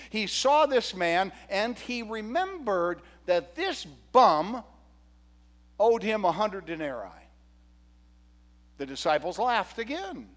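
A male pastor preaching a sermon, retelling a parable with animated, humorous storytelling. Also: high-pitched, long reverb tail.

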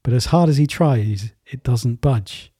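Casting: male host, easygoing storyteller, husky, mellow, dry. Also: mid-range voice, unhurried, no echo. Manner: relaxed, rambling with fillers and restarts. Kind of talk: casual storytelling in a talk.

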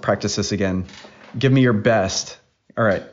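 A man's voice: lowish voice, moderate pace, dull audio. A man in his thirties, a podcast host chatting casually and teasingly with his young daughter at home. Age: 30s. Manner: playful, teasing, joking.

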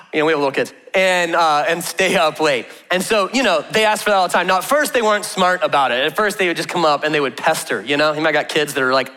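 A man in his thirties preaches in a casual, joking way, his high voice ringing out through a large church auditorium. He tells stories and fires off rhetorical questions with a bright, forceful tone. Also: fast. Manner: chatty storytelling with humor and rhetorical questions. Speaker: pastor. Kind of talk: conversational sermon. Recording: long reverb of a large hall.

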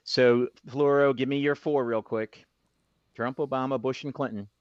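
A man's voice: mid-range voice, fairly even intonation, normal speed, dry recording. A man hosting a casual podcast among friends, running the scoring, often stammering and laughing. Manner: laughing, stammering restarts, keeps score. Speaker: podcast host, moderator. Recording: muffled lo-fi podcast audio.

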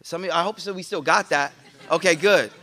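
A man gives an animated religious talk in a high, bright voice. He preaches in casual slang, restarting his sentences often and tossing in playful asides to the room. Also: fairly quick. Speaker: Islamic teacher. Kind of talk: lively religious talk to a congregation.

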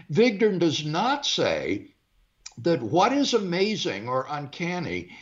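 A fairly high-voiced man lecturing with a lively, rising and falling delivery. He picks his words carefully, leaning on key terms as a guest in an interview. His audio sounds dull and muffled, like a lo-fi remote call. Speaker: guest philosopher. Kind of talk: interview discussion.

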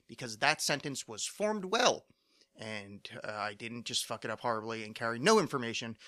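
A man's voice: mid-range voice, sharp tone, no room sound. A man hosting a solo podcast, rambling and self-mocking with many fillers and profanity, his throat a bit phlegmy. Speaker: podcast host. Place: home studio.

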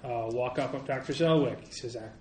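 A man narrating as game master, talking in a halting way with many fillers. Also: mid-range voice. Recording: echoey room with faint hiss.

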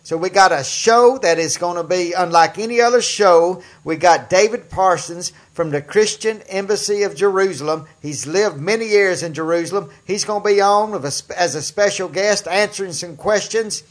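An older man with a Southern US accent hosting a political talk show, speaking emphatically in a folksy way and getting louder on key points. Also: sits high, moderate pace, hardly any pauses. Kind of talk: political commentary monologue.

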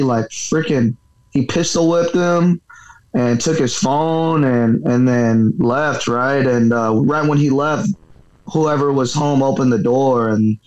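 A man's voice: medium pitch, poor audio. A man who fights professionally and coaches boxing, telling a story in a casual interview, rambling, swearing freely and leaning on filler words.

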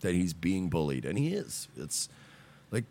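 A man's voice: low voice, sing-song, a little slow, vocal fry, mellow, dry recording. A man ranting casually on a talk show, sarcastic and profane, often mocking people in put-on voices. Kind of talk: casual podcast rant.

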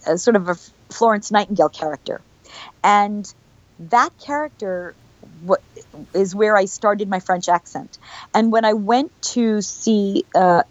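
A middle-aged actress chats through a casual interview as a guest, bubbly and rambling, laughing often. Her mid-range voice is a little mellow, and the recording sounds dry and dull.

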